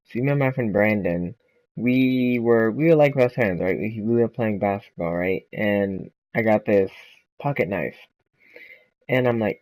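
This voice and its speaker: A man's voice: on the low side, darkish tone, no room sound, rough recording. A young man hosting a gaming channel, telling a casual storytime with lots of swearing and "right?" and "like". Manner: quick, loose and informal, lots of "right?" and "like".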